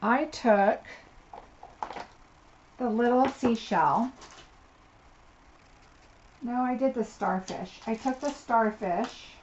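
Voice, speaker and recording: A woman's voice: on the high side, very slow, pauses often, a little mellow. A woman giving a live card-making tutorial, chatting and thinking aloud as she works at her desk. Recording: slightly dull audio with faint noise.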